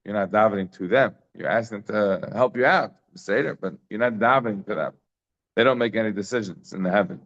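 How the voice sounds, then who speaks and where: A man's voice: lowish voice, brisk, fairly bright tone, muffled recording. A man giving a daily Talmud lesson, emphatic and full of rhetorical questions, mixing in Hebrew and Yiddish terms. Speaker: Talmud teacher.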